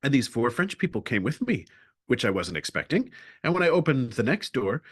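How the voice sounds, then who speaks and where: Animated comic male storyteller. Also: mid-range voice, a little fast, slightly rough. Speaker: webinar presenter. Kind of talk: storytelling presentation. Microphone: video call.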